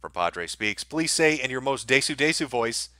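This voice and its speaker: A man's voice: mid-range voice, lively intonation, moderate pace, sharp tone, no room sound, studio quality. A man hosting a livestream, reading viewer donations and answering them in sardonic, profane commentary. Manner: sardonic, blunt, swears freely.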